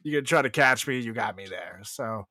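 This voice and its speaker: A man's voice: mid-range voice, expressive, fairly quick, bright, forceful tone, dry recording. A young man co-hosting a podcast in casual chat, joking and laughing, often mimicking other voices. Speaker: podcast co-host.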